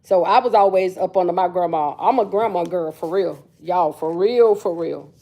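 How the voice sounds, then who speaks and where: A woman's voice: lowish voice, normal speed, mellow. A middle-aged woman hosting a casual livestream chat, telling stories in a blunt, sassy way full of slang. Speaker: livestream host.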